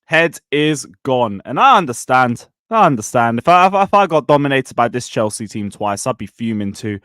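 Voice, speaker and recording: A man's voice: medium pitch, big pitch swings, normal speed, fairly bright tone, no room sound, clean studio sound. A man hosting a football livestream, chatting casually and reading out viewer messages. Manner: chatty, reads out chat messages. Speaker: livestream host.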